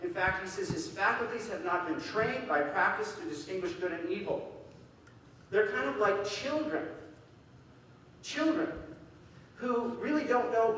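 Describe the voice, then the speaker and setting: Animated male preacher, high voice, distant mic in a reverberant hall. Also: unhurried, a little hiss or hum. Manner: animated, acts out quoted voices. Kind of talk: sermon. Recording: echoey hall from far off.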